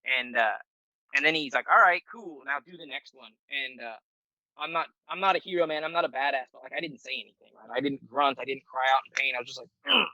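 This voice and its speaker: A middle-aged Marine veteran telling a story as a podcast guest in a loose, profane, rambling way with many fillers. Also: male voice, medium pitch, quick pace, pushed and bright, no echo, rough recording. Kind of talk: casual storytelling.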